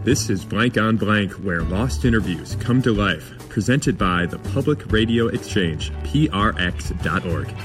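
A man hosting a radio documentary, giving smooth, scripted introductions. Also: fairly low pitch, expressive, unhurried, few pauses. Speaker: host. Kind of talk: scripted narration. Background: music bed.

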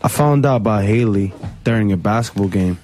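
A young man narrating his own story in a quiet, plain, reflective way. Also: on the low side, fairly quick, a little hiss or hum. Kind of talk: scripted documentary narration.

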